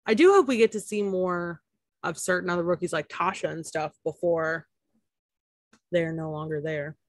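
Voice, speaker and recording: A woman's voice: lowish voice, moderate pace, no echo. A woman co-hosting a podcast, chatting casually about a reality show, laughing often and using lots of fillers. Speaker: podcast co-host.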